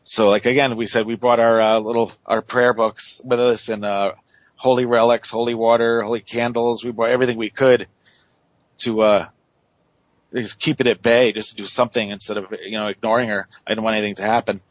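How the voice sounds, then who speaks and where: Guy guest on radio, low voice, lots of ums and restarts, dull lo-fi sound. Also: level tone, brisk, no echo. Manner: rambling, many fillers and restarts. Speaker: paranormal investigator guest. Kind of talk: casual storytelling on radio.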